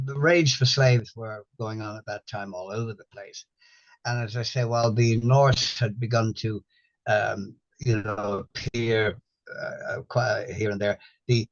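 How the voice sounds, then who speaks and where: An older man hosting a casual chat, rambling and repeating himself with wry humor. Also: mid-range voice. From Ireland. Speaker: host. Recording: dull lo-fi sound.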